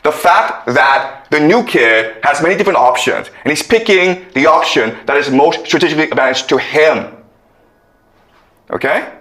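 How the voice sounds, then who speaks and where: A man's voice: fairly high pitch, lively intonation, moderate pace, sharp tone. A man giving a lecture, telling a story and often checking in with okay. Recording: echoey room.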